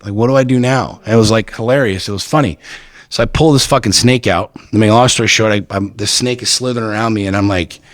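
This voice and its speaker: Fast, blunt man in his forties. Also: fairly low pitch, no echo. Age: 40s. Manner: fast, profane and emphatic. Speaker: podcast guest. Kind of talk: casual podcast storytelling.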